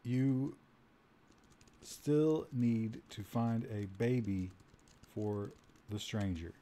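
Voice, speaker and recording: A man's voice: mid-range voice, extremely slow, warm tone, a little hiss or hum. A male streamer reading a text adventure game aloud to his chat, amused and commenting as he goes. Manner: amused, breaks into laughter at the story; addresses chat directly.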